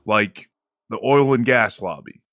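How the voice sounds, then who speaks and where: A man's voice: on the low side, a little slow, fairly bright tone, no echo. A man interviewing a guest in casual talk, loose and blunt, heavy on fillers and profanity.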